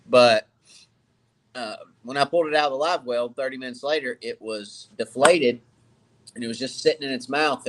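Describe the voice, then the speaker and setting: Male fishing host, live-stream chat from his workshop, loose and rambling, mid-pitched voice. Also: a bit bright. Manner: rambling, easygoing, greets viewers by name. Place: cluttered home workshop.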